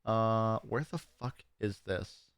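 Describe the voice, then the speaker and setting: A young man co-hosting a casual podcast, swearing often and telling stories with animated quoted voices. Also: fairly low pitch, takes it slowly, clean tone, no echo, studio quality. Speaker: podcast co-host.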